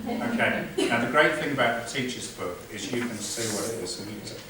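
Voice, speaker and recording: A man's voice: mid-range voice, lively intonation, fast, background noise. A man with an English accent presenting a seminar to teachers, playful and joking. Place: large hall. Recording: echoey hall from far off. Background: audience.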